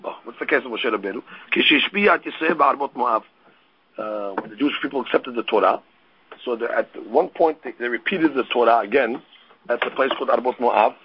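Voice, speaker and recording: Husky-voiced man teaching Talmud. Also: mid-range voice, muffled recording. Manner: animated storytelling with many restarts, mixing Aramaic and English. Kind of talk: Talmud study lecture.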